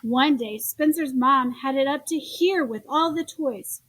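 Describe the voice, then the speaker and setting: A woman reading children's picture books aloud in an expressive storytelling manner. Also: high voice, unhurried, dry recording. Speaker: storybook reader.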